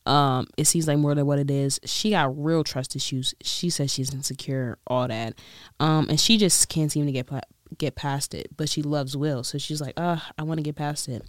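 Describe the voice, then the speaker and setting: A woman's voice: sits low, steady tone, moderate pace, no echo, studio quality. A woman chatting casually in a solo vlog, rambling, restarting and laughing as she goes. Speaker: vlogger.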